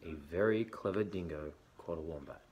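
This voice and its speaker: A man gently reading a picture book aloud to a child at bedtime. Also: deep voice, slight background noise. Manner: gentle, unhurried storybook reading.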